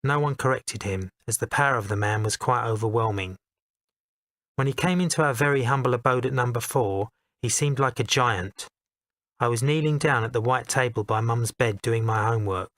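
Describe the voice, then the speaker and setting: A man reading his own memoir as an audiobook, in a measured, heartfelt and candid way, on a close studio mic. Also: mid-range voice, fairly bright tone, no echo.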